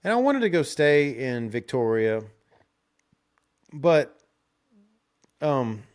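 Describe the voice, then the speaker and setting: A man's voice: medium pitch, big pitch swings, slow pace. Laid-back guy telling road stories. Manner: rambling, laid-back, laughs often, restarts. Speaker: podcast host. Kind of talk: casual storytelling chat.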